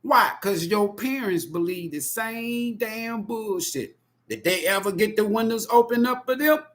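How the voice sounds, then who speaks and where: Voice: medium pitch, expressive, measured pace, fairly bright tone. A tarot reader delivering an impassioned spoken monologue in a profane, emphatic, preachy way.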